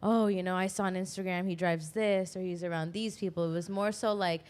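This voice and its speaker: Low-voiced woman chatting on a podcast. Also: steady tone, a little fast, a little mellow, smooth. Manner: reflective, adds short agreeing replies. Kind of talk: casual chat.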